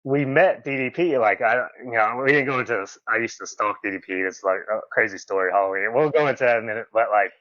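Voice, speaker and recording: A man tells stories as a guest in a casual podcast interview. He talks in an animated way, jumps up in pitch to act out other people's lines and laughs often. The sound is dry and close, with slightly dull, muffled audio. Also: fast talker, hardly any pauses, no echo. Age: 40s. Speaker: podcast guest, former wrestler.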